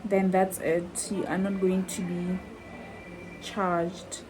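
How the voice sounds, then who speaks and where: A woman's voice: fairly low pitch, little pitch movement, takes it slowly, noisy background. A woman chatting in a heartfelt, chatty way to her vlog viewers, calling them guys. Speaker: vlogger. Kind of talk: casual vlog chat.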